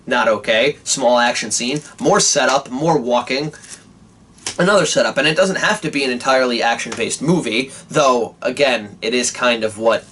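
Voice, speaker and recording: A young man giving an animated, casual movie review, swearing often and restarting his sentences. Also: medium pitch, slight background noise.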